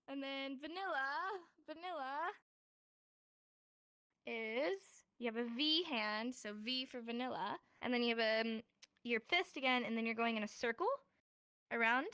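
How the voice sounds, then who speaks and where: A woman's voice: fairly high pitch, a bit bright, smooth, no echo. A woman teaching a casual online class, explaining step by step in an upbeat, joking way. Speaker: sign language teacher.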